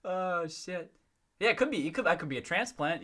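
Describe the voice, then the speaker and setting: A man's voice: high-pitched, lively intonation, fairly quick, pushed and bright. A man hosting a casual livestream, reading out viewer comments in a chatty, playful way, laughing often and restarting his sentences. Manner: reacts to and reads out viewer comments.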